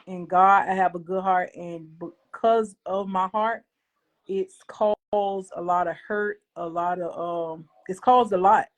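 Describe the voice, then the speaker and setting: A woman's voice: on the low side, steady tone, takes it slowly. A woman guest on a podcast, speaking earnestly and reflectively as she gives a personal faith testimony.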